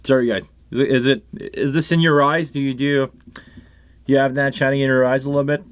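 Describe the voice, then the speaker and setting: Into a live microphone on a console setup, a French Canadian man hosts a casual live stream about sound gear. His mid-range voice is clean, with fairly even intonation and a slightly fast pace, and he rambles with many restarts and asides.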